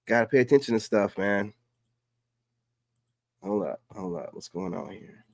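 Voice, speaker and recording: A man's voice: medium pitch, moderate pace, no room sound, studio quality. A man hosting a casual livestream, reacting to clips in slangy, hyped streamer talk. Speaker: livestream host.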